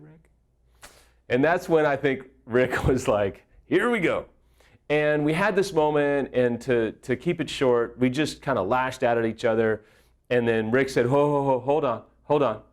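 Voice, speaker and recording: A man telling an earnest, candid personal story straight to viewers, sometimes poking fun at himself. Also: mid-range voice. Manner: earnest, candid, self-deprecating. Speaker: affair recovery speaker.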